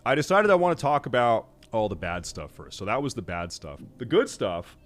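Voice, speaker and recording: A young man streaming, ranting casually and profanely to his chat, exasperated and often loud. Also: mid-range voice, very animated, brisk.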